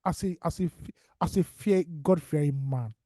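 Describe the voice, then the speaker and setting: A man's voice: fairly high pitch, moderate pace, warm tone, dry recording, clean studio sound. A man with a Nigerian accent co-hosting a podcast, bantering playfully and mixing Pidgin into his talk. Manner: playful, joking, slips into Pidgin. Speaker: podcast co-host. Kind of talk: casual banter.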